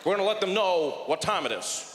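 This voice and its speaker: A man impersonating a measured male world leader who hesitates and backpedals with many "uh"s, on a stand-up stage. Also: sits high, big pitch swings, a bit bright. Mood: stern. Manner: halting, full of "uh"s, backpedaling. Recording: echoey hall, live crowd noise.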